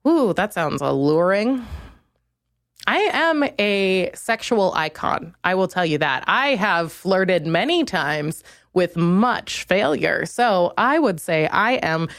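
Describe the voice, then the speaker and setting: A woman's voice: lively intonation, slow pace, a bit bright, dry recording, clean studio sound. Crude, rambling young woman comedian. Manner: rambling, crude, self-deprecating, jumps into high exasperated rants. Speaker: comedian podcast host. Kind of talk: solo comedic monologue.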